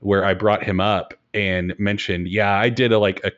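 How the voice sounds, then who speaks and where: A low, deep-voiced man speaks as a game master in an easygoing podcast chat. He is self-deprecating and candid. The recording sounds dull and a little lo-fi. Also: steady tone, moderate pace, fairly bright tone. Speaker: game master and host of a broadcast tabletop game show. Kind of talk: relaxed podcast conversation.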